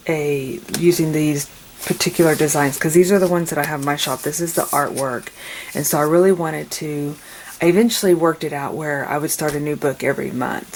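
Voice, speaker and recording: A woman hosting a craft channel, talking casually through a tutorial at home late at night in a low-key, quiet monotone. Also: a little hiss or hum.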